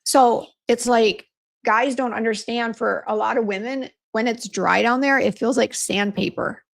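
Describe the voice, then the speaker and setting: A woman in her fifties with a somewhat high voice and a gravelly, creaky edge. She talks frankly and chattily on a live stream, reading viewer comments aloud. She laughs at herself and often breaks into exclamations. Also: a little slow. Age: 50s. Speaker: beauty brand owner hosting a live stream.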